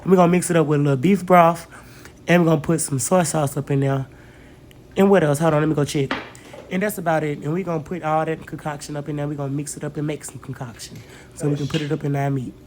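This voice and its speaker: A man with a fairly high, slightly mellow voice talks quickly and with fairly even intonation as he cooks in his home kitchen. The stressed cooking vlogger jokes and swears loosely straight to his viewers, recorded in an echoey room from a distant mic with slight background noise.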